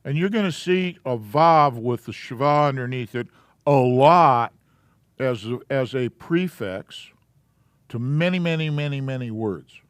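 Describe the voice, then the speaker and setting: A man teaching a Hebrew alphabet class in a church classroom, explaining slowly and casually. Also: mid-range voice, expressive, smooth, dry recording, clean studio sound.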